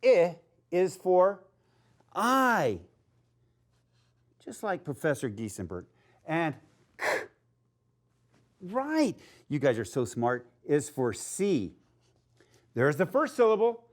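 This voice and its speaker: Casting: upbeat male phonics teacher for kids, slow and animated. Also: fairly high pitch. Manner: slow, sounding out letters, upbeat and encouraging. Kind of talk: phonics lesson for young children.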